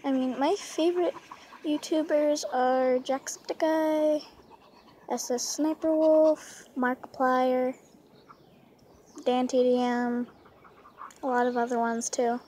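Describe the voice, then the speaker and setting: A woman with a high voice rambles hesitantly in a casual vlog, recorded outdoors from a lounge chair. She talks slowly and pleadingly. Faint background noise is heard behind her. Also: fairly even intonation, warm tone. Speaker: vlogger.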